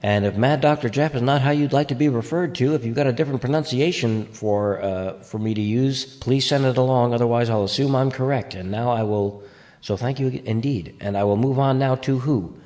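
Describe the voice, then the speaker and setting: A man's voice: mid-range voice, a little fast, a little mellow. A man hosting a podcast in casual chat, rambling with playful asides, recorded on a home mic. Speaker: podcast host.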